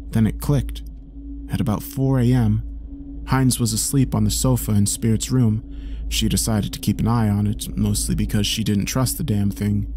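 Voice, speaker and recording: A man's voice: fairly low pitch, warm tone, slight background noise. Man narrating a tense story. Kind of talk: first-person story narration.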